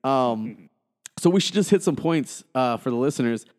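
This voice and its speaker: A man hosting a relaxed movie podcast, retelling scenes with acted-out lines and plenty of fillers. His voice sits at an ordinary middle pitch. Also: moderate pace. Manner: animated storyteller, acts out quotes, frequent fillers. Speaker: podcast host. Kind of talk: casual movie review chat.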